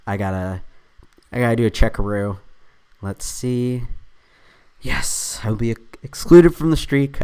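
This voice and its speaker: His voice is fairly low with a darkish tone. In a video he hosts himself, he puzzles out a crossword aloud, murmuring clues and making chatty, self-deprecating comments along the way.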